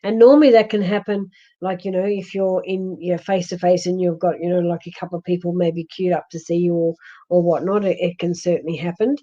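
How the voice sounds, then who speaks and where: The recording is muffled as an Australian psychic medium, her husky voice fairly low, steady and brisk but hoarse and giving out, soothes a viewer during a live-stream reading. She restarts many times.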